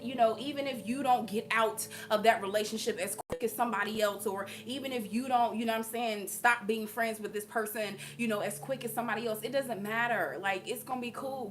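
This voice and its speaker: Chatty, emphatic woman with a higher voice. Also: slight background noise. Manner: chatty and emphatic, with frequent laughter and repeated asides to the audience. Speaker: spiritual vlogger. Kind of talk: casual spiritual encouragement to viewers.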